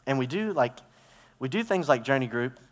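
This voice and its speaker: A man's voice: medium pitch, expressive, moderate pace. A man giving a conversational sermon in a church, telling stories and acting out parts as he goes. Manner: conversational, storytelling with props and gestures. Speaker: preacher. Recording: reverberant hall.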